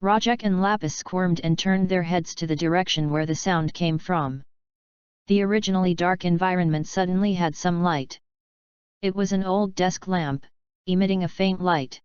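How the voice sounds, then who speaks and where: A woman narrating a fanfiction audiobook in an even, steady reading. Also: lowish voice, normal speed, smooth, no room sound, muffled recording.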